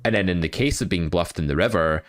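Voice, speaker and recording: A man's voice: low voice, fast, dry recording. A man from the west of Scotland, co-hosting a podcast in casual, reflective chat, explaining his points with examples. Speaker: podcast co-host.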